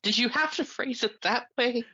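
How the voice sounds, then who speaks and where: A woman's voice: a little high, normal speed, pushed and bright, husky. A woman in her thirties co-hosting a podcast in casual chat, dry, teasing and profane. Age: 30s. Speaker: podcast co-host. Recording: dull lo-fi podcast audio.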